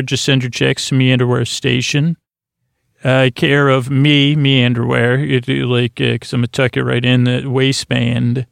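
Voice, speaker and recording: Man, podcast host, creaky lulling voice, silly meandering monologue, dead dry closet recording. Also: medium pitch, dry recording. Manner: meandering, goofy, full of restarts and asides. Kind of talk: rambling bedtime podcast monologue.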